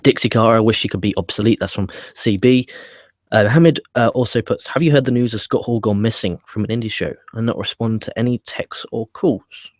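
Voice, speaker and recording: A low-pitched man hosts a casual live stream from home, rambling through viewer questions with frequent restarts and loose swearing. The sound is dry and close, with no room around it. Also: fairly quick, no room sound. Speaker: wrestling review show host. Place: home setup with laptop.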